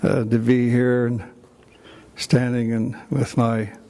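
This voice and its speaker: An older Canadian man with a Canadian accent, giving an emotional, halting acceptance speech at a hall of fame ceremony, full of restarts. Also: medium pitch, little pitch movement, dark tone. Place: banquet hall.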